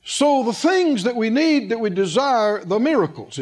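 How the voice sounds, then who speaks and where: Male preacher, sermon, high voice, swooping animated pitch, questions to the congregation. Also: moderate pace, few pauses. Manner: asks the congregation questions and repeats words for emphasis.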